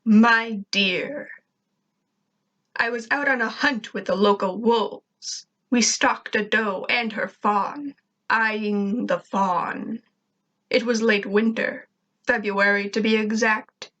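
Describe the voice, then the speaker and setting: A woman reading a first-person fan fiction story aloud, steady and even. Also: a little high, takes it slowly, dull audio.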